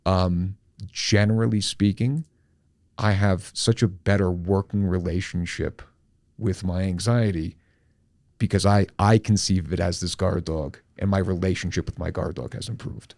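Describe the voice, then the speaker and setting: Candid, animated man hosting a podcast. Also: sits low, no echo, studio quality. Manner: animated, candid, swings between slow and rushed. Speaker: podcast host. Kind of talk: personal storytelling in a podcast talk.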